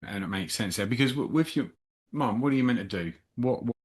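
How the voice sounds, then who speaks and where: A man's voice: medium pitch, animated, a little fast. A man hosting an interview, asking supportive questions with frequent restarts. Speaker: podcast host.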